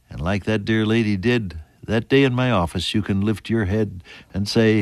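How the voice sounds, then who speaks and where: An older man preaching a sermon in an earnest storytelling manner, climbing high for emphasis and sinking to soft whispers. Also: expressive, unhurried, dry recording, studio quality. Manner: earnest storytelling, pitch rising sharply on emphasis and dropping to near whispers.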